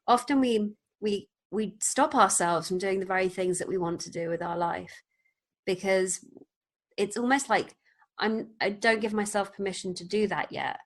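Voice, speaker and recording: A woman hosting a podcast interview, speaking reflectively and asking curious questions, often trailing off softly. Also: medium pitch, moderate pace. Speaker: podcast host.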